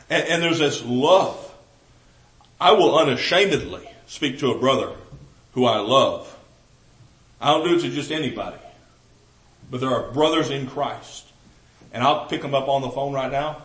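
This sermon comes from a man with a Southern US accent and a mid-range voice, earnest and unhurried, pausing often. He repeatedly restarts phrases and alternates loud emphasis with soft, intimate asides, captured in poor audio.

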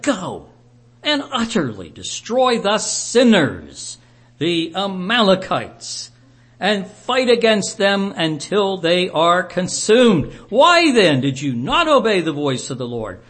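A man voicing a stern prophet who rebukes a king with loud, declaiming questions in a Bible lesson. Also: mid-range voice, slightly rough.

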